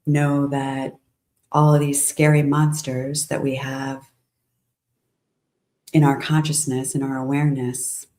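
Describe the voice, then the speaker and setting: Slow, low-voiced woman host. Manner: calm, affirming, slow. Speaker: podcast host. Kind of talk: interview hosting.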